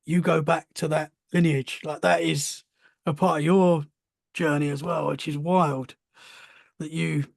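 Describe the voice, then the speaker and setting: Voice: mid-range voice, level tone, unhurried, gravelly, darkish tone, dry recording, studio quality. A podcast host chatting casually, reacting with short remarks and questions. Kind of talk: casual chat.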